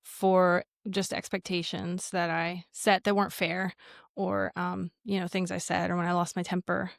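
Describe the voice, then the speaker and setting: Reflective woman talking slowly about faith. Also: on the low side, little pitch movement, creaky, no room sound, studio quality. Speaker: podcast guest. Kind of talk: casual faith conversation.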